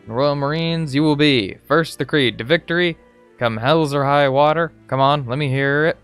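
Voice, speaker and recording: A man reading out a gruff, harsh male Marine drill sergeant from a video game, barking insulting commands. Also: fairly high pitch, moderate pace, a bit bright, faint music behind. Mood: stern.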